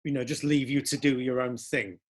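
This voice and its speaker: A British man interviewing a guest, mostly murmuring agreement and asking gentle questions. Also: mid-range voice, steady tone, a little fast.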